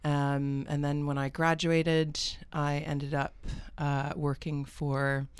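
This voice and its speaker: Woman, mixed American-British accent, podcast guest, rambling and chatty, smooth voice. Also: deep voice, little pitch movement, slow pace, no room sound. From United States. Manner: chatty, rambling storyteller with frequent fillers and laughs. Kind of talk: conversational interview. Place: podcast studio.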